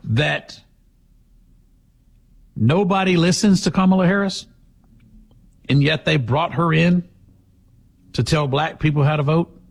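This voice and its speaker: Husky sarcastic talk host. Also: male voice, a little high, takes it slowly, long pauses. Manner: sarcastic, emphatic. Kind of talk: opinionated talk commentary.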